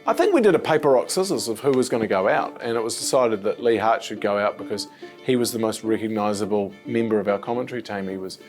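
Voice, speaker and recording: A man's voice: fairly low pitch, fast talker, soft background music. A man, explaining things matter-of-factly in an interview. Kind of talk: documentary interview.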